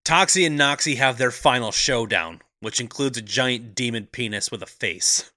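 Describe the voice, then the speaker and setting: A man's voice: mid-range voice, moderate pace, pushed and bright, no room sound. A man co-hosting a casual comedic film podcast, recapping the plot with wry jokes into a close mic.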